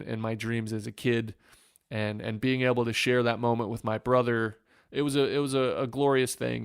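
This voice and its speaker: A man from Northwest Ohio, a former pitcher, telling an earnest story in an interview with many restarts. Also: creaky, smooth, dry recording, clean studio sound. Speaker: former pro pitcher, podcast guest.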